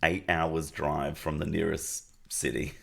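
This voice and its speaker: A man's voice: rumbling low, flat delivery, unhurried, creaky, a bit bright. A man co-hosting a podcast, rambling through a story in casual chat and laughing often.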